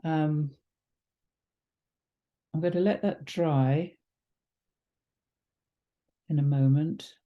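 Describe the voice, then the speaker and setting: A woman giving a relaxed watercolour painting demonstration, chatty and thinking aloud with ums and self-corrections. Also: low-pitched, extremely slow, pauses often, muffled recording. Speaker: watercolour art teacher.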